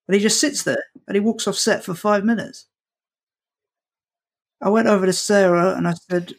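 A man's voice: high voice, normal speed, long pauses. A man, a comedy guest, telling a comic anecdote with lots of swearing and voices for the people in it. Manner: animated, quotes people in voices; swears freely.

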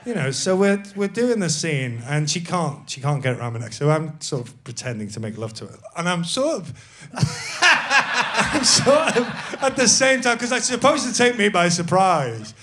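Guy guest on a live podcast, bit high voice, laughs through his stories. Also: very animated, normal speed, pushed and bright, a little hiss or hum. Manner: laughing storyteller, self-deprecating. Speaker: actor guest. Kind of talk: casual anecdote on a live comedy podcast.

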